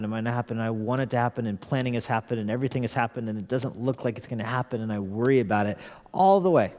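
A pastor with a fairly low, darkish voice preaches a conversational sermon, earnestly posing rhetorical questions to the congregation, repeating phrases for emphasis and chuckling now and then. Long hall reverb fills the church recording.

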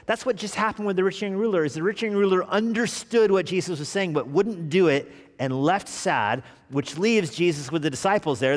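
Guy preaching a sunday sermon, kinda high voice, swings from loud to hushed, big echoey church. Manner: animated preaching, dropping to quiet asides. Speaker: pastor. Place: church sanctuary. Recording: long reverb of a church hall.

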